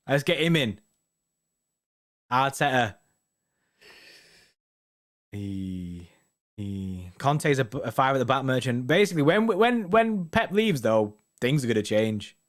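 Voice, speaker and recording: A man co-hosting a football fan show, chatting casually and rambling with slang and restarts. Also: a little high. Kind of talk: casual chat reading viewer comments.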